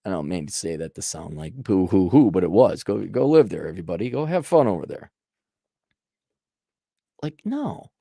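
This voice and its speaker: A man's voice: low voice, gravelly, dark tone, no room sound, clean studio sound. A man giving blunt, profane life advice in a sarcastic monologue.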